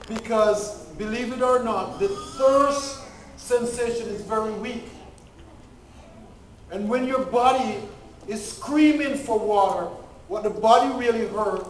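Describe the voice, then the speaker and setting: A man giving a health lecture with a faith angle, emphatic, repeating key points and checking that the audience follows. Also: sits high. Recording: echoey hall from far off.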